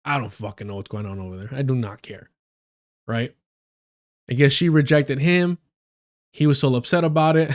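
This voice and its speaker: A man's voice: mid-range voice, moderate pace, pauses often. A man hosting a livestream, giving heated and sarcastic political commentary with frequent swearing. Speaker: livestream host.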